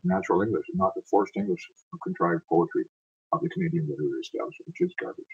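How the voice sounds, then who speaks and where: A man's voice: sits low, huge pitch swings, fast, gravelly, a little mellow, husky, highs cut off. A man reading poetry aloud and breaking off into rambling, digressive asides. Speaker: poetry reader.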